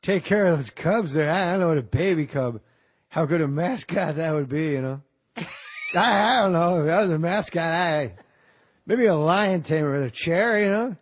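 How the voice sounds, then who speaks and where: A man's voice: a little high, expressive, normal speed, breathy edge. A male comedian guest on a podcast, joking and rambling in casual banter, often mocking himself.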